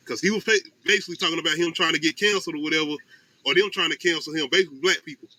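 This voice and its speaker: Fast-talking high-voiced man in casual chat. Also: a little hiss or hum, rough recording. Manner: animated, talks fast and loose with lots of fillers. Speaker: podcast host.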